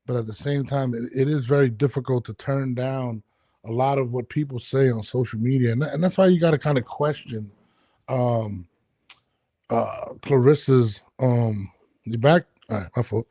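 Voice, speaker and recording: Mellow-voiced man hosting a podcast. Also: mid-range voice, dry recording, clean studio sound. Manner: loose, halting talk with many restarts. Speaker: podcast host. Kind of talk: casual video-call interview.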